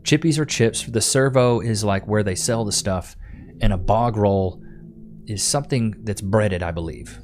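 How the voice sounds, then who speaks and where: Man in his thirties, low voice, slangy livestream host answering chat, faint background noise. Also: unhurried, darkish tone. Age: 30s. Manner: laid-back, slangy, calls viewers bro and dude.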